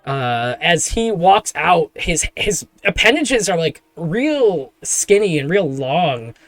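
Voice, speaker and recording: A man's voice: a little high, sing-song, slow pace, a bit bright, dry recording. A man narrating as game master of a tabletop game, describing scenes in a rambling way full of fillers.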